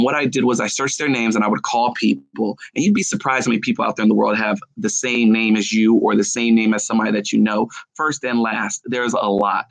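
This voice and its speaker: A middle-aged man chats on his live stream in a gravelly, creaky voice, pouring out personal memories with open feeling. The sound is dry and close, with no room echo. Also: on the low side, fairly bright tone. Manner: emotional, heartfelt storytelling. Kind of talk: casual live-stream chat.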